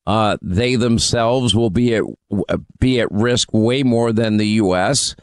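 Male talk radio host, smooth and resonant, dry close sound, emphatic delivery. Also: lowish voice, a little slow, no room sound. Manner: emphatic, opinionated.

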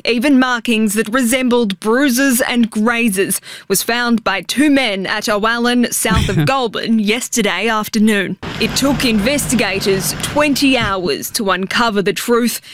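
She is a woman delivering a broadcast news report. Her pitch sits somewhat high and her pacing is measured and steady. The sound is dry and close. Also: dry recording.

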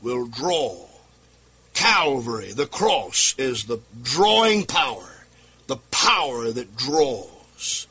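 A man preaching a fiery sermon, rising to shouted climaxes and building rhythm through repeated phrases. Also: medium pitch, sing-song, slow, breathy edge.

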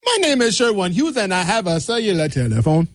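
A man putting on an exaggerated Nigerian accent that starts high and swoops in a sing-song way. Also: big pitch swings, a little fast, dry recording, clean studio sound. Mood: mock-formal. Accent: put-on Nigerian. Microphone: studio microphone.

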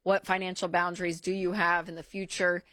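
Female co-host, lowish voice, chatty and animated, dry studio sound. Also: a little fast, no echo. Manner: chatty, animated, with fillers and restarts. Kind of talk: casual talk-show chat.

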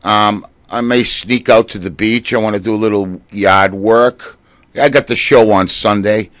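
A man's voice: fairly low pitch, unhurried, a bit bright, dry recording. A man with a Boston accent hosting a casual radio chat from the studio, easygoing and bantering. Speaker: radio host.

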